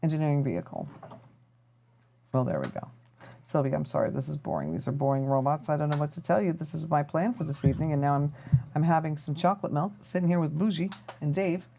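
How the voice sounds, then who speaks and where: A woman's voice: low voice, fast, vocal fry, warm tone, a little hiss or hum. A woman hosting a live stream, chatting casually and rambling to her viewers as she thinks aloud while tinkering. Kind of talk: casual chat to a live audience.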